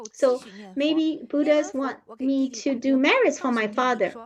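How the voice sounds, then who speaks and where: Halting woman telling a personal story. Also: high-pitched, lively intonation, a little mellow. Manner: halting, many fillers and restarts. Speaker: testimony speaker. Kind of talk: personal testimony. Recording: slightly dull lo-fi sound.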